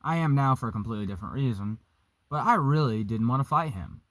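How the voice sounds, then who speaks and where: A young man casually telling a story, profane and animated, vaping as he talks. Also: mid-range voice, quick pace, no room sound. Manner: vaping while talking.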